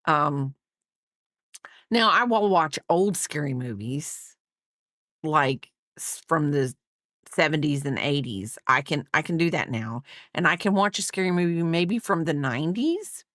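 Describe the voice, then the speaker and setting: Chatty middle-aged woman vlogger, low voice, dry close sound, rambling casual chat. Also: animated, a little slow, fairly bright tone, no echo. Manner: rambling, chatty, many fillers and asides. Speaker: crochet vlogger. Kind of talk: casual chat while crocheting.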